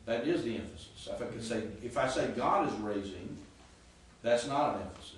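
A man's voice: medium pitch, expressive, a little fast. A man teaching a Greek class, explaining with frequent restarts and checking that students follow. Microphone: far camera. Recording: echoey classroom from far off with faint noise.

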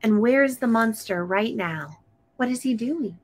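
A woman reads a picture book aloud to a small child at an unhurried pace, her voice sitting a touch higher than most. She keeps coaxing him with questions and breaks into gasps and delighted exclamations as the pages turn. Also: expressive. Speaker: storytime host.

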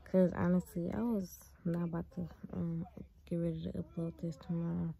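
Laid-back teen girl vlogging, slightly low. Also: little pitch movement, normal speed, gravelly, dark tone, husky. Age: teens. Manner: laid-back, slangy, addresses viewers as y'all. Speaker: vlogger and track athlete. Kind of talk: casual vlog talk to viewers.

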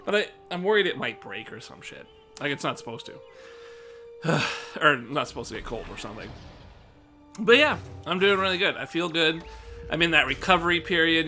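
A young American man talks to his stream in a loose, rambling way, swearing casually and sounding a bit winded. His voice sits somewhat high for a man and rings very bright and forceful. Faint music plays behind him. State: slightly out of breath. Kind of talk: casual rambling chat to viewers.

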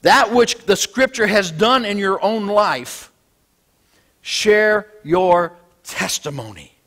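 A male pastor preaching a Sunday sermon, swinging between loud declarations and low, quiet lines. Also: animated, slow. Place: church sanctuary.

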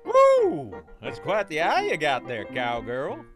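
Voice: mid-range voice, huge pitch swings, a little slow, music in the background. An actor voicing a folksy male cowboy who works a carnival booth.

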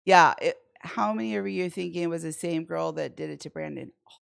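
A woman hosting a live slot stream from home, telling a story to her chat in an excitable way, laughing often and acting out what people said. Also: fairly low pitch, fairly quick, gravelly. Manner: animated, excitable, laughs often, acts out quotes.

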